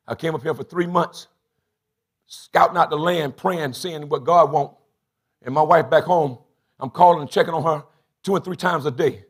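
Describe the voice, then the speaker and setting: A middle-aged man, preaching a sermon as bishop in a church, swinging from low confiding talk to shouted bursts. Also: moderate pace, long pauses, husky. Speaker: bishop and pastor. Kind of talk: call-and-response sermon. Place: church sanctuary.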